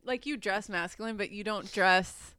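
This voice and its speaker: A woman's voice: mid-range voice, normal speed, sharp tone, a little hiss or hum. A young woman co-hosting a podcast, chatting casually, reacting to her co-host and laughing often. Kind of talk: casual chat.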